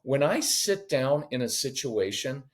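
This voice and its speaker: Man, podcast guest, animated, lively delivery, conversational teaching. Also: medium pitch, measured pace. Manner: animated, acts out quoted voices, jokes.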